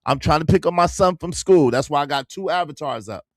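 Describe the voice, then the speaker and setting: A man hosting a casual livestream from his car, animated and repetitive, shouting out his viewers. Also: on the high side, a little fast, dry recording, clean studio sound. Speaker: livestream host.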